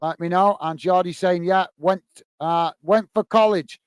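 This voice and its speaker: A British man with a fairly high voice hosts a live football watch-along, calling the play and reading out viewers' messages in a friendly, chatty way. His voice comes across smooth and clear, recorded close on a dry mic with no room sound. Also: a little slow, no echo. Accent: British English. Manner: chatty, greets viewers by name, frequent "uh" fillers.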